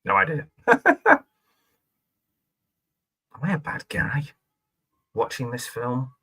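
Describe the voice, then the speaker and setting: A man talks through a film in a loose, rambling reaction commentary, often laughing and questioning himself. His voice sits at a middling pitch with a bright, forceful edge. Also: wildly swooping pitch, slow, husky. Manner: chatty and rambling, with frequent laughs and self-questioning asides.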